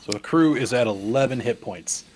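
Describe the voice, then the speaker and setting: A man's voice: mid-range voice, moderate pace, darkish tone. A man casually chatting as a player in a tabletop role-playing game, laughing often.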